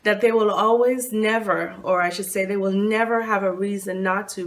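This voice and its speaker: A woman hosting her own channel, talking earnestly about her father, stressing words by repeating them, seated on a couch. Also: mid-range voice. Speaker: channel host. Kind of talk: heartfelt personal vlog talk. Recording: distant room sound.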